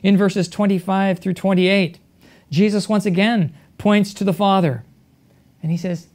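A pastor preaching a sermon in a measured way, with rhetorical questions and repeated phrases. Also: medium pitch, darkish tone.

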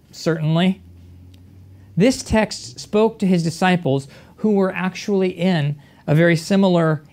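A pastor preaching a sermon in a measured way, with rhetorical questions and repeated phrases. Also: medium pitch, darkish tone.

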